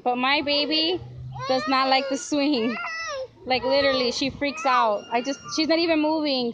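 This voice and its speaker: A woman filming a casual family vlog at a park, chatting with her kids and laughing often as she narrates. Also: high-pitched. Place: outdoors at a park and walking home. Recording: noisy outdoor camera recording. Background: outdoor ambience.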